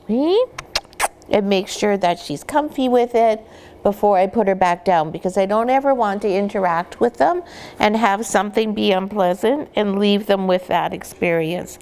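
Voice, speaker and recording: A woman dog breeder giving an instructional demonstration, gently cooing at the puppies now and then. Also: mid-range voice, slight background noise.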